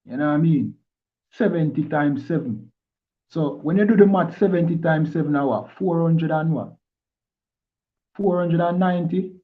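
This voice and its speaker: A man with a Jamaican accent teaching from scripture in a preachy way, often stopping to ask if listeners understand. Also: on the high side. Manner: preachy, keeps asking "you understand?". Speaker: religious teacher. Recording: tinny phone-like line.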